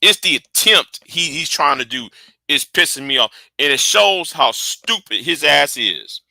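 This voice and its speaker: A man's voice: on the high side, expressive, measured pace, vocal fry, pushed and bright, no room sound, low-quality recording. A man hosting a livestream, ranting heatedly and profanely, often repeating and restarting his words. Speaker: livestream host. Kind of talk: angry livestream rant.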